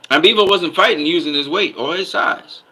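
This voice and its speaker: A man's voice: high voice, a little fast, bright, forceful tone, breathy edge, low-quality recording. A man giving casual boxing commentary, emphatic, often repeating himself and stopping to ask "okay?".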